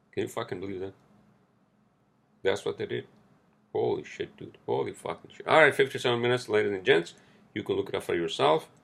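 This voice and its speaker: With a low, creaky voice, a man alone on his podcast rambles and swears heavily while ranting about the news, restarting as he goes. He then reads an article aloud.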